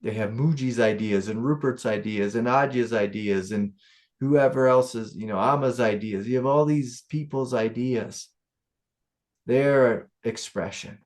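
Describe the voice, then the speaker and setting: A man's voice: medium pitch, measured pace. Man giving a casual spiritual talk. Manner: casual storytelling, animated. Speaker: spiritual teacher. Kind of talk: satsang talk.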